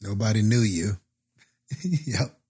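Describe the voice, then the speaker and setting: Podcast co-host, man, excited, filler-heavy film chat. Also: on the low side, takes it slowly, breathy edge. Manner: enthusiastic, filler-heavy, chuckling. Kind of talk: casual movie review chat.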